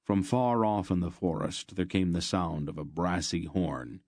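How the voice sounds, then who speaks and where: A man reading a fantasy novel aloud as an audiobook narrator, in steady, measured storytelling. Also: low-pitched, no room sound, studio quality.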